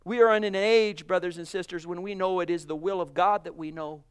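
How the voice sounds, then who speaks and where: Fairly quick and high-pitched, with a clean tone and fairly even intonation, a man preaches fervently to his congregation. He alternates soft, hushed lines with loud, emphatic calls and keeps saying brothers and sisters.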